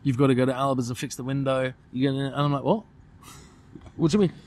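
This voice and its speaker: A young man, telling a story in casual podcast chat, animated and swearing, acting out what others said. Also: medium pitch, fast. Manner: animated, swearing, mimics others in his stories. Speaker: podcast co-host.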